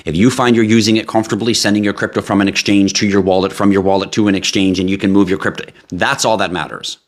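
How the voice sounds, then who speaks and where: A tired man with a low voice hosts a casual live Q&A, talking fast. As a livestream host, he reads viewers' crypto questions aloud and answers them in a relaxed, chatty way.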